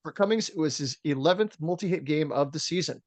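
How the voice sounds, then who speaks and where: A man's voice: fairly high pitch, fast, no room sound. A man co-hosting a podcast, chatting casually about baseball and reading through stats with plenty of fillers. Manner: reads stats in a steady rundown, with fillers. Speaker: podcast co-host. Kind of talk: casual sports chat.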